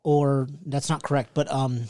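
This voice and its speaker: A man co-hosting a casual podcast chat with a dry, deadpan sense of humor, talking into a boom mic. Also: a little slow, dry recording. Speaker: podcast co-host.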